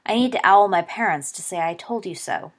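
A cocky teenage boy crows with loud, boastful glee, as a woman reads him. He is brash and a little raised in volume. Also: mid-range voice, animated, fairly quick, lightly acted. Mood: gleeful.

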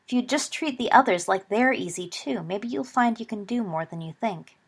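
A woman voicing a gentle, patient teenage boy wizard encouraging a friend in a storybook reading. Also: mid-range voice, animated, normal speed, husky. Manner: gentle, reassuring.

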